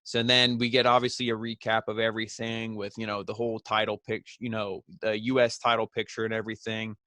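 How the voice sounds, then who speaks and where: A man's voice: on the low side, completely flat delivery, fairly quick, bright, forceful tone, no room sound. A man casually recapping a wrestling show, chatty and full of fillers, with sarcastic asides.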